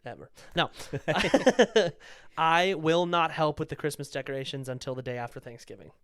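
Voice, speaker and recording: A young man co-hosting a casual comedy podcast, telling animated stories and jumping into high squeaky voices when he quotes people. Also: normal speed, smooth, no echo, clean studio sound. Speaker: podcast co-host; stand-up comedian. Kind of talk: casual chat.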